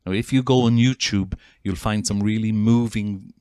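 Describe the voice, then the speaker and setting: A man's voice: lowish voice, moderate pace, clear, resonant tone, no room sound. A man from Northern Ireland with a Northern Irish accent, a Gestalt psychotherapist telling stories earnestly as an interview guest. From Northern Ireland (Armagh). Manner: earnest, persuasive, animated storyteller. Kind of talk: conversational storytelling.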